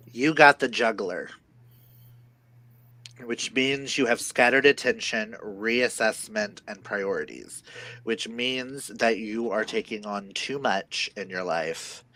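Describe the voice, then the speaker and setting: A man's voice: on the low side, slow pace, sharp tone, low-quality recording. A man co-hosting a casual live-stream chat, giving playful, dramatic oracle card readings. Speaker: co-host reading oracle cards.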